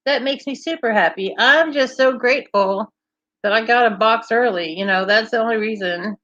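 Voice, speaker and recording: A woman's voice: a little high, moderate pace, fairly bright tone, no echo, highs cut off. A woman hosting a livestream, chatting casually and cheerfully with viewers and laughing often. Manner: bubbly, laughs often, chats with live comments. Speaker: livestream host.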